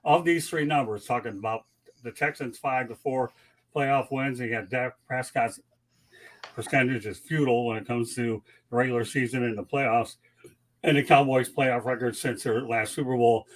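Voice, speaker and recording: A man with a raspy voice hosting a sports talk show, reading out stats and joking with his panel. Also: mid-range voice, steady tone, moderate pace, poor audio. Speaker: host.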